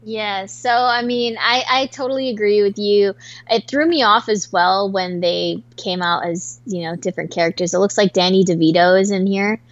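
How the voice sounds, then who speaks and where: A woman's voice: medium pitch, steady tone, normal speed, no room sound, highs cut off. A woman in her thirties co-hosting a podcast, chatting casually and rambling a little, with the odd swear word. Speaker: podcast co-host. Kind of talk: casual chat.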